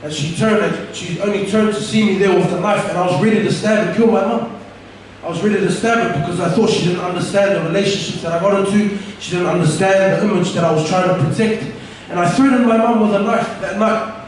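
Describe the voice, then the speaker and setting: Young man with a high, echoey voice. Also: fast talker, slight background noise. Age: young adult. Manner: earnest and candid, with frequent restarts. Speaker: speaker giving a personal testimony. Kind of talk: personal testimony told to an audience. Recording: echoey room, from far off the mic.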